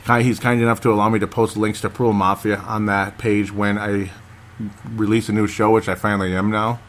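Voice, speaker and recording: A man's voice: lowish voice, flat delivery, brisk, a bit bright. A man hosting a casual solo podcast, rambling and chatty, laughing often and talking straight to his listeners. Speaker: podcast host.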